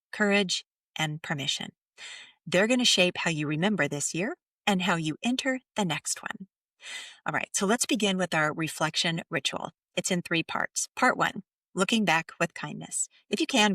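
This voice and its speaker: A middle-aged woman hosting a podcast, speaking softly and slowly as she leads a gentle guided reflection, sometimes near a whisper. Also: on the low side, dry recording, clean studio sound, distant mic. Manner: soft, slow and soothing, drops to near whispers. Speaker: podcast host.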